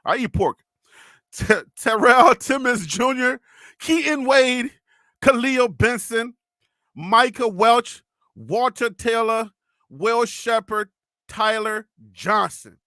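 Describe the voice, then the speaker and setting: Bright, high-voiced teasing man hosting live. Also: slow, no room sound, clean studio sound. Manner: teasing, loud, bursts of laughter, talks to chat viewers. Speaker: live sports show host. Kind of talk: casual live-stream chat.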